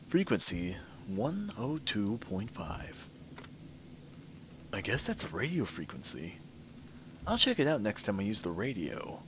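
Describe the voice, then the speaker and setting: A man's voice: mid-range voice, wildly swooping pitch, unhurried, fairly bright tone, slight background noise. A man giving commentary while playing a horror game, reading the on-screen text aloud and musing to himself. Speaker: let's play commentator. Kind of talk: gameplay commentary. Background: game music.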